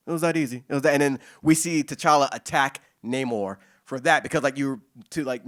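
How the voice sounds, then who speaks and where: A man in his forties, a poet answering audience questions at a reading, talking fast and excitedly with many restarts and casual swearing. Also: medium pitch. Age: 40s.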